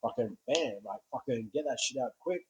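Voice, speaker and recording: A young man ranting to camera, swearing constantly, dropping to a mutter and then bursting out loud in exasperation. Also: medium pitch, expressive, fairly quick, highs cut off. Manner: profane, exasperated, repetitive ranting; swings between muttering and loud outbursts. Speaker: vlogger. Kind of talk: ranting monologue.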